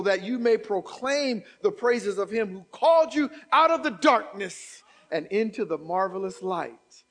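A man preaching a sermon as pastor, building from quoted scripture to shouted exhortations and repeated phrases. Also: sits high.

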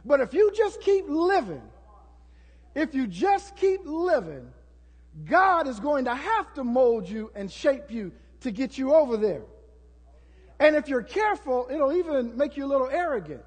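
A man preaching a sermon as pastor, building to shouts and acting out prayers to the congregation. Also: extremely high pitch, big pitch swings, a little slow, big-room sound.

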